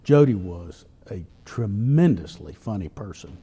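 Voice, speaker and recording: An older man, a columnist telling folksy stories in an interview at a drawn-out pace. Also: fairly low pitch, very animated, warm tone, slightly rough. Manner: folksy, drawn-out storytelling with chuckles. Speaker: newspaper columnist and humorist. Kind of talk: storytelling interview answers.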